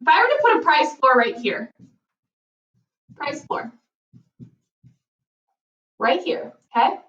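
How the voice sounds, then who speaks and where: Female teacher, high voice, playful, keeps checking "okay?", echoey basement. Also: very animated, slow pace, fairly bright tone, recorded from a distance, highs cut off. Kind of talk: recorded economics lesson. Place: basement floor at home.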